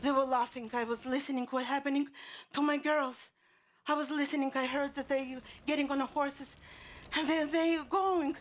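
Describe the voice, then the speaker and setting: A woman acting a middle-aged mother who survived a pogrom, speaking in a halting stage monologue full of restarts and repeated words. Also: high voice, fairly even intonation, close to an everyday voice. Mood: desperate. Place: theater stage.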